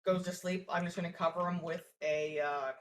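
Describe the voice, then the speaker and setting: A woman's voice: on the low side, steady tone, fairly quick. Brief: playful woman tabletop player, light and upbeat, faint hiss behind her. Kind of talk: tabletop role-play chat.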